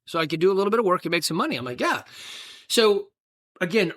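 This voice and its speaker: A man's voice: high voice, a bit bright. A middle-aged man hosting a casual solo podcast, talking in a rambling, folksy, self-deprecating way with asides. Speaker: podcast host and gym owner.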